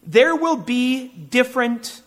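A male pastor delivering a sermon in a measured, deliberate way, pausing often. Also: very high voice, very animated, a bit bright. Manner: measured, deliberate preaching with pauses. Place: church.

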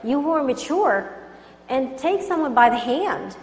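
Woman from Colombia, Christian speaker, fairly high voice, echoey hall with faint hum, urgent exhortation. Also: lively intonation, unhurried. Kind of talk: testimony sermon.

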